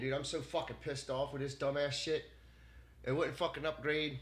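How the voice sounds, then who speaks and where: A man streaming from home, ranting furiously with constant swearing, swinging from shouting to low muttering. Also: level tone, normal speed. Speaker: gaming streamer. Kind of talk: angry rant while streaming. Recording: echoey room with faint background noise.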